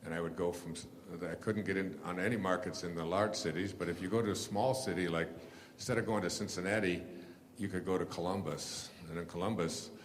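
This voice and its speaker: Man with a very low voice, loose and digressive storyteller, talking to a live audience; long hall reverb and a faint hiss. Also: steady tone. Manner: rambling and halting, with many fillers and restarts. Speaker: speaker telling stories to an audience. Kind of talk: storytelling lecture.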